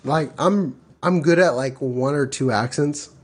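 A man's voice: medium pitch, unhurried, slight background noise. A young man co-hosting a podcast in loose, slangy casual chat, laughing often. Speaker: podcast co-host.

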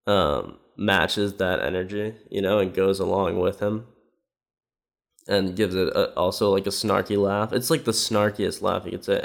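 A man's voice: low-pitched, creaky. A man ranting in casual commentary, sarcastic and rambling with many fillers, mocking what others said. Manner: mimics quoted speech with raised voice.

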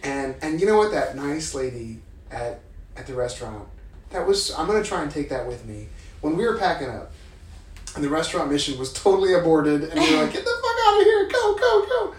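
A man's voice: a little high, expressive, fairly quick. Candid man in a roomy, far-off room. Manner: candid, laughing, swears freely. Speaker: podcast co-host. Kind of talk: casual couple chat. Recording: roomy echo from off-mic, faint noise.

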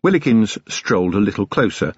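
Male narrator for an audiobook, expressive and husky, dry and slightly muffled sound. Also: on the low side, fairly quick, dry recording. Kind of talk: scripted narration.

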